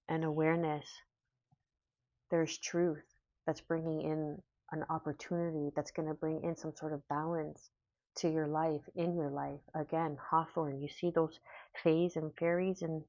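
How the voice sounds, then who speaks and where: A woman giving a spiritual tarot reading in a soft, slow, emotional and affirming way. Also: low voice, flat delivery, vocal fry, no room sound. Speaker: tarot reader. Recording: dull, lo-fi sound.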